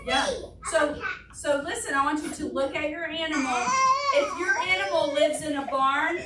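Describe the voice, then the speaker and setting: A woman children's librarian leading a preschool storytime in a library room, animated and full of questions for the children. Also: high-pitched, moderate pace, far from the mic. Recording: echoey room from afar with loud background noise.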